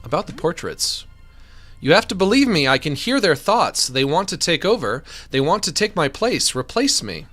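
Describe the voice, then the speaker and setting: A man's voice: fairly high pitch, sing-song, moderate pace, a bit bright, soft background music, voice pushed up. A man voicing an anxious, paranoid male painter in a video game, talking in a jittery, pleading way. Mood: frantic.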